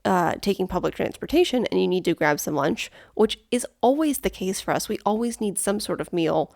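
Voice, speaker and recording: A woman's voice: medium pitch, animated, brisk, gravelly, a little mellow, no room sound, studio quality. A woman co-hosting a podcast in casual chat, explaining practical points plainly. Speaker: podcast co-host.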